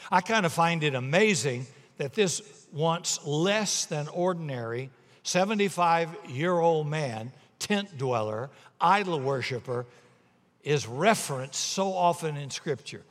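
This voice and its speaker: A male pastor preaching a sermon, telling stories and shifting between loud and hushed delivery. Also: fairly high pitch, lively intonation, unhurried, big-room sound.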